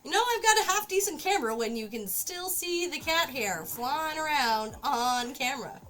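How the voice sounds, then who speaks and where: A woman's voice: high-pitched, animated, normal speed, a bit bright. Chatty woman streamer talking to her cat. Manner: chatty, talks baby-talk to her cat. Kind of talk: casual livestream chat.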